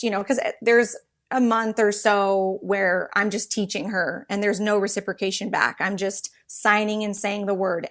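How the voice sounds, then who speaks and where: A woman in her thirties, a podcast guest, telling animated, rambling stories with quick restarts. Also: medium pitch. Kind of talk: casual interview storytelling.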